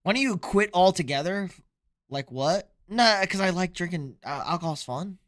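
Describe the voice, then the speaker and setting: Young guy, sports streamer, sharp high voice, loose and profane, a few beers in. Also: animated, moderate pace. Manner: loose, profane, reads chat questions aloud. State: drinking beer. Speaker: sports streamer answering chat. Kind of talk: casual live-stream chat.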